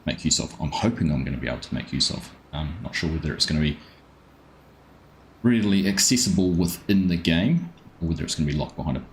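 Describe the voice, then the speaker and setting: A man's voice: a bass voice, animated, quick pace, a little hiss or hum. A man chatting on a live game stream, greeting viewers by name and easily sidetracked. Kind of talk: casual live-stream commentary.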